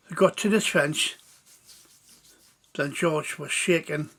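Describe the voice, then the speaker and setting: Male storyteller, high voice, slow and halting war tale. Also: bright, forceful tone.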